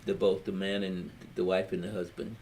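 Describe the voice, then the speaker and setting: A man's voice: low-pitched, flat delivery, normal speed, dark tone, a little hiss or hum. An older man from Louisiana with a Louisiana accent, telling his life story in a family history recording, plain-spoken and rambling as he acts out old conversations.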